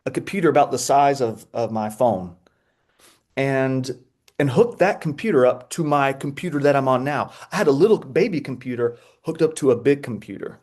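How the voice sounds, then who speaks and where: A man, presenting a webinar over a video call in an excitable, playful way with frequent restarts. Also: mid-range voice, moderate pace. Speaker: edtech presenter. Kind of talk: energetic webinar talk.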